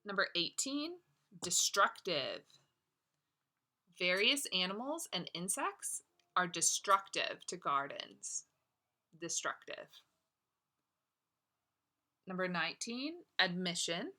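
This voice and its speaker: A woman teacher dictating a spelling test, saying each word, using it in a sentence, then repeating it deliberately. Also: lowish voice, very animated, bright, forceful tone. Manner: affectionate toward students.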